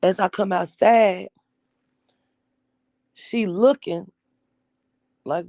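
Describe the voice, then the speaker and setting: A woman's voice: mid-range voice, slow pace, vocal fry, long pauses, mellow, dry recording. A young adult woman candidly telling her own life story in blunt, profane everyday speech, acting out the voices of the people she quotes.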